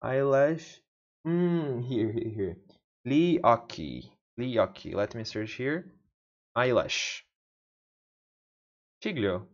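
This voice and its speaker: In this thinking-aloud study vlog, a man whose native language is Portuguese mutters to himself and keeps repeating words. He has a mid-range voice with lively intonation and a slow pace, and the audio is dull.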